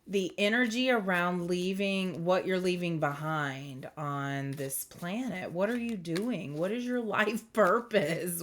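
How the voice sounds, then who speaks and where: Her voice sits in the mid range with a slightly bright edge. She's a spiritual reader doing a casual reading indoors under bright light, her face close to the camera, rambling along, giggling often and cutting herself off.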